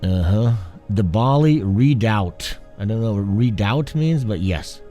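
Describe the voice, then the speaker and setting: A man's voice: lowish voice, lively intonation, measured pace, warm tone. A man hosting a casual livestream while sick with the flu, his voice nasal and stuffed-up, rambling and swearing as he talks, with faint music behind him. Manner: rambling, profane, self-interrupting. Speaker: art streamer host. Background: faint background music.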